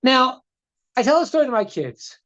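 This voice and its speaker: Brief: lively male rabbi telling a teaching story, pitch swinging widely, repeating words, over slightly muffled call audio. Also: moderate pace. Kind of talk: religious lesson with a storytelling part. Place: online meeting. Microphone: video call.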